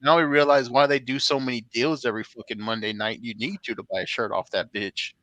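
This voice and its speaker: Man, podcast host, casual chat, animated, bright tone, dry close mic. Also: medium pitch, fast talker, no room sound. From Texas. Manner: animated, laughs often, opens the show.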